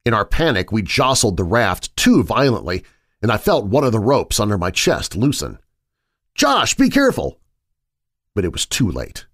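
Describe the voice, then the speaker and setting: A man hosting a horror podcast, reading a story in a measured, suspenseful way on a close mic. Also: fairly low pitch, very animated, a bit bright, no room sound. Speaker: horror podcast host and narrator. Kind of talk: scripted horror story narration.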